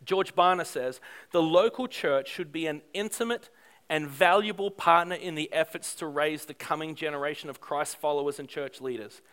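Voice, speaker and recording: A man in middle age delivering a sermon with a high, bright voice. He tells stories in an animated, self-deprecating way, with a smooth, clear tone and frequent restarts. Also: normal speed. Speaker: pastor. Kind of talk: sermon storytelling.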